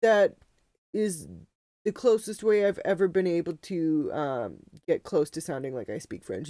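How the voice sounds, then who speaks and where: A woman's voice: on the low side, unhurried, dark tone, dry recording. A Canadian woman co-hosting a casual game stream, chatty and self-mocking, swearing and laughing often. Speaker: livestream co-host. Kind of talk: casual gaming stream chat.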